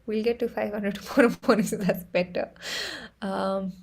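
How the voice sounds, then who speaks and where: A woman with an Indian English accent hosting a live stream, chatting casually and laughing often as she tells excitable stories. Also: medium pitch, moderate pace, creaky, low-quality recording. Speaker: livestream host.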